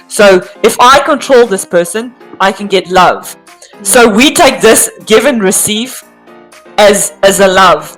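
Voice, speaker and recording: A South African woman with a South African accent appears as an interview guest, speaking in a thoughtful, hesitant, reflective way. Her voice is medium-pitched with a fairly bright tone, though the audio quality is poor.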